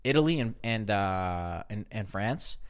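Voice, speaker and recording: A young man with a somewhat low voice co-hosts a casual podcast. He tells loose, rambling stories full of profanity and laughs along the way. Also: expressive, measured pace, clear, resonant tone. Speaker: podcast co-host.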